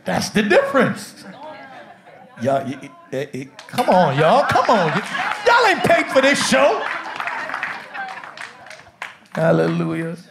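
A pastor preaching to his congregation, his voice high for a man and swinging widely up and down. He delivers the sermon at an unhurried pace, with jokes and call-and-response. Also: huge pitch swings, creaky, over a noisy crowd, heavy background noise. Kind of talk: humorous sermon. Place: church sanctuary with congregation.

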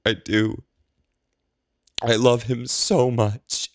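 A man voicing a grieving young woman who talks through tears, breathy and shaky. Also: lowish voice, very animated, unhurried, darkish tone, no room sound, studio quality, pitched above the performer's own voice, exaggerated voice. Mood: tearful. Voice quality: breathy, tearful. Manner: shaky, pleading.

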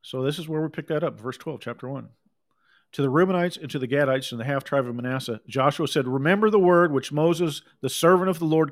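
A middle-aged man preaching a sermon, reading scripture and breaking off into conversational asides and quick acted quotes. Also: medium pitch. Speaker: pastor.

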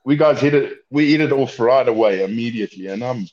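A man's voice: mid-range voice, fairly quick, a little mellow, dull audio. A South African man who makes knives, chatting casually and rambling a bit, with restarts and laughter. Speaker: knifemaker guest. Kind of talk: casual chat over a call.

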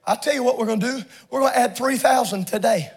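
A man pastor preaching a fiery sermon in a church, often shouting in a rhythmic preaching cadence. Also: very high-pitched, fast, breathy edge. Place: church sanctuary with congregation.

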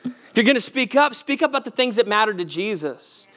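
Male pastor, very high voice, earnest conversational sermon delivery. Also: expressive, a little fast, a bit bright. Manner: earnest, conversational preaching with direct questions to the audience.

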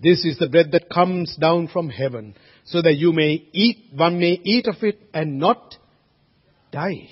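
A high-pitched, husky male pastor preaches an earnest sermon, rising to loud calls and dropping to quiet asides. His voice rings with a long church reverb on a dull, lo-fi recording. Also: a little slow.

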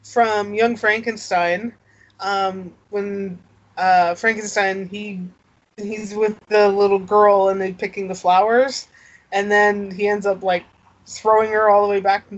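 A woman's voice: mid-range voice, level tone, unhurried. A woman co-hosting a casual chat, laughing often and restarting her sentences. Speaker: podcast co-host. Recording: dull lo-fi sound.

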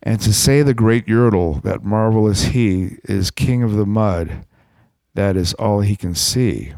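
A man's voice: fairly low pitch, a little slow, vocal fry, no echo. Playful man reading a bedtime story. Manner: playful, deadpan asides.

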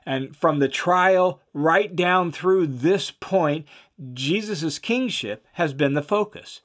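A man's voice: on the high side, slow, a bit bright. A man teaching through a Bible passage, reading each verse aloud and then explaining it with emphatic repetition and some "uh" fillers. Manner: emphatic, repeats key phrases for stress.

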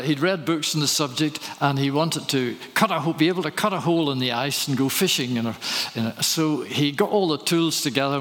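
A man's voice: on the high side, a bit bright. A man preaching a sermon, telling stories and asking rhetorical questions. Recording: reverberant hall.

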